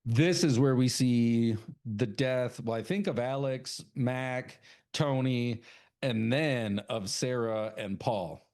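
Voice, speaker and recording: A man co-hosting a horror podcast loosely recaps a film's plot in casual chat, swearing and acting out the characters' lines. His mid-range voice has a darkish tone, and he takes his time.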